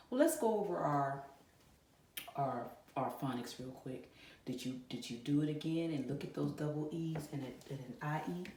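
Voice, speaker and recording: Her voice sits low with a dark tone as she runs a virtual lesson for kindergarten and first-grade students, cheering them on and quizzing them directly. A faint hiss or hum runs under the recording. The classroom is echoey and she stands slightly back from the microphone.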